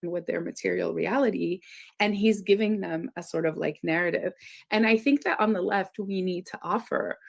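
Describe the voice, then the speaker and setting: A woman's voice: fairly low pitch, steady tone, moderate pace, creaky. A woman professor discussing ideas in an academic way, hesitant, with many fillers and "right?" tags. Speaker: university professor.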